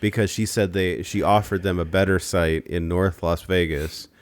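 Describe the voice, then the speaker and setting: A man's voice: deep voice, steady tone, normal speed. A man hosting a casual podcast chat, explaining things in a rambling, hesitant way with many fillers.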